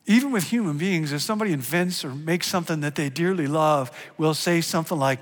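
A middle-aged man preaching a sermon as a pastor, animated and swinging from hushed to loud and emphatic. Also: fairly high pitch, brisk, few pauses. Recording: long hall reverb.

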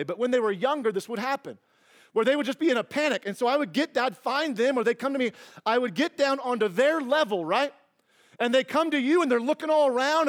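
A middle-aged man preaching a sermon as pastor, earnest and conversational, dropping to a hushed, tender near-whisper in his quieter passages. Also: sits high.

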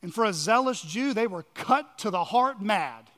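High-voiced preacher in a reverberant hall. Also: male voice, animated, fairly bright tone. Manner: emphatic preaching with dramatic pauses and sudden drops in volume. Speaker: pastor. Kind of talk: sermon. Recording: long reverb of a large hall.

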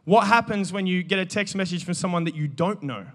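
A man preaches with animated energy, bantering with the people in front of him between points. His voice sits high for a man and rings bright and forceful. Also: a little fast. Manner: animated, joking, calls out to the congregation. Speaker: pastor. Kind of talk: energetic sermon with audience banter.

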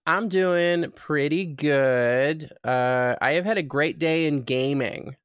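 Excitable foul-mouthed woman podcast host. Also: low-pitched, slow pace, clear, resonant tone. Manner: excitable, swears freely. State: a little out of breath. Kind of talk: casual chat.

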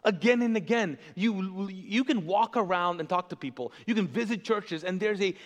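A high-pitched man preaches a fervent sermon to his congregation. He stops again and again to have them call out the next word. His voice rings through a reverberant church hall. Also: moderate pace. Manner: impassioned, asks the congregation to fill in words. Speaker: pastor. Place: church sanctuary.

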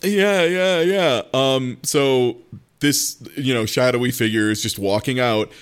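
Animated man retelling scenes. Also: mid-range voice, clean tone. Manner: animated retelling, acting out characters' lines in quick voices. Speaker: podcast co-host recapping an anime. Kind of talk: casual chat.

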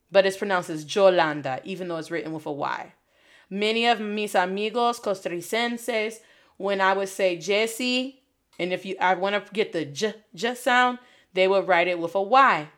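Animated woman teaching a spoken lesson. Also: medium pitch. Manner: animated, playful, scolding with mock outrage. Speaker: Spanish teacher and podcast host.

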